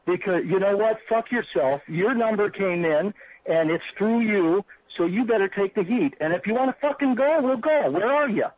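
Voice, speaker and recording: A man shouting profane threats while taking a prank call. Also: high voice, lively intonation, moderate pace. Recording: tinny phone line with hiss.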